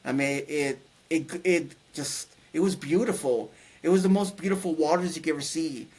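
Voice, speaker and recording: A man's voice: fairly high pitch, darkish tone, slightly rough. A middle-aged man with a slightly raised voice tells his story in loose, casual talk. He stumbles, restarts, and circles back often as he speaks. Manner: rambling, halting, many restarts and fillers. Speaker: guest telling his near-death story.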